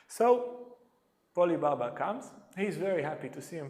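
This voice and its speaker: A man teaching a yoga lecture as an animated storyteller, acting out voices in his stories. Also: a little high, moderate pace. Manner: animated storyteller, acts out quotes. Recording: echoey hall.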